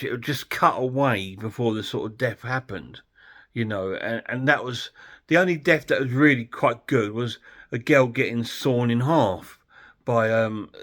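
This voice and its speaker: A man chatting bluntly and ramblingly as he reviews a film for his channel. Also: mid-range voice. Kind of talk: casual film review vlog.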